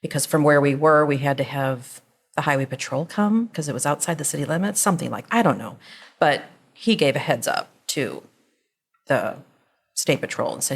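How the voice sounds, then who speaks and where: Middle-aged mom on a podcast, low voice, rambly animated storytelling. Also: female voice, fairly quick, vocal fry. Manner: rambling, animated retelling with laughs. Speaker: podcast co-host, mother. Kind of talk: casual storytelling chat.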